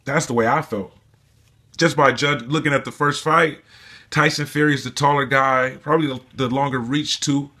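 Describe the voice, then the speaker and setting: A man's voice: mid-range voice, fairly even intonation, normal speed, pushed and bright. A man vlogging his opinions in a loose, rambling rant, swearing often and filling gaps with "you know" and "man". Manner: rambling, profane, frequent fillers. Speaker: boxing commentator vlogger.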